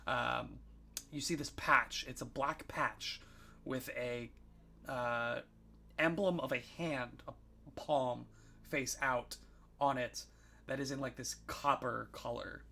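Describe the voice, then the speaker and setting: A man's voice: medium pitch, steady tone, takes it slowly, gravelly, pushed and bright. A man running a tabletop game as game master, narrating casually with many fillers.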